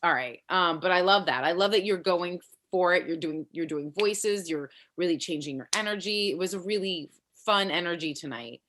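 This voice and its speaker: A woman's voice: fairly low pitch, normal speed, few pauses, a bit bright, slight background noise. A woman giving casual spoken feedback to a comedian on a video call, rambling, chatty and laughing often, with many fillers. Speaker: comedy workshop feedback giver.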